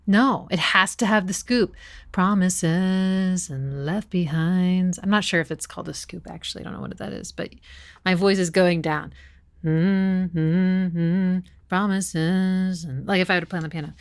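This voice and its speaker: A woman's voice: fairly low pitch, fast talker, vocal fry, a bit bright. Chatty woman analysing a song. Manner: chatty and enthusiastic, hums and sings snippets. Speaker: musician and channel host. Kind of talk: casual music analysis commentary.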